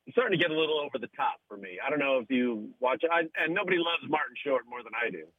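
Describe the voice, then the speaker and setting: A man's voice: medium pitch, racing, no echo, phone-quality sound. A man chatting casually as a guest on a radio show, telling an anecdote and acting out the quotes. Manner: animated storyteller, acts out quotes. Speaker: podcast host guest. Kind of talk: casual chat.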